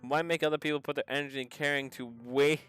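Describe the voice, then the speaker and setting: A man reading as a soft, downcast teen girl. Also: fairly even intonation, quick pace, clean tone, soft background music, close to an everyday voice. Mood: despairing. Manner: soft, subdued reading, pitched below his own voice. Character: gloomy teenage girl confessing her sadness. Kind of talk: reading visual novel dialogue aloud.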